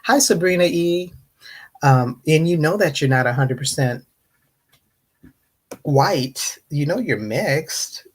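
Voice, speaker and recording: A livestream host, slightly tipsy from wine, talking casually with viewers in an open panel and acting out stories with lively mimicry. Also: medium pitch, slow, long pauses, breathy edge. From United States. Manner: animated storytelling, acts out others' rude questions in mocking voices. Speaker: host of a live online discussion panel. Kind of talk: casual livestream chat, greeting and answering viewers.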